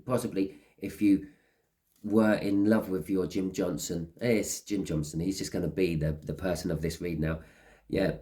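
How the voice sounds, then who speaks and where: A man's voice: low-pitched, steady tone, normal speed, warm tone. A man giving a casual tarot reading, rambling and acting out little scenes as he talks. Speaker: tarot reader.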